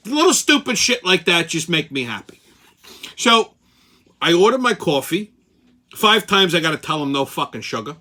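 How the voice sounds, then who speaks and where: Man, high bright voice, profane heated rant, casual storytelling. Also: big pitch swings, normal speed. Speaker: channel host.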